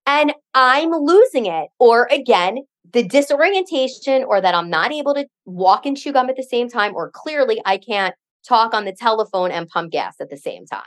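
A middle-aged woman co-hosting a podcast, telling a story in a chatty, animated way with lots of fillers. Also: on the high side, normal speed, hardly any pauses. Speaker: podcast co-host. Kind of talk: casual chat, storytelling.

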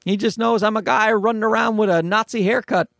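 A man's voice: high voice, steady tone, a little fast, gravelly, a bit bright, no echo, clean studio sound. A young man hosting a podcast alone, rambling and swearing in a self-mocking, casual monologue. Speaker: podcast host. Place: small closet at home. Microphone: podcast microphone.

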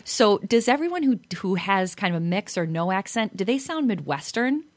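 A woman's voice: medium pitch, big pitch swings, moderate pace, no room sound. A woman from Chicago with a Chicago accent co-hosting a podcast, chatty and ready to argue a point. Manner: chatty, argumentative. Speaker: podcast co-host. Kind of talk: casual interview and chat.

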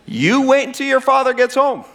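A man's voice: very high-pitched, animated, moderate pace, fairly bright tone, pitched above the performer's own voice. A man voicing a frantic, exasperated mother scolding her son. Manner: anxious, exasperated. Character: frantic scolding mother, middle-aged woman.

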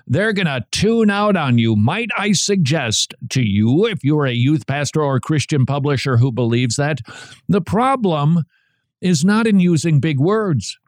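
Male talk radio host, fairly high voice, emphatic, sarcastic, dry close mic. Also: expressive, a little slow, dry recording. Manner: emphatic, sarcastic, jumps in pitch for stress.

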